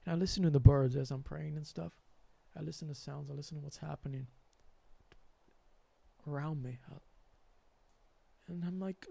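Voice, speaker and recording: Young male host, high gravelly voice, rambling and animated about spirituality, dry close mic. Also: normal speed, pauses often, no room sound.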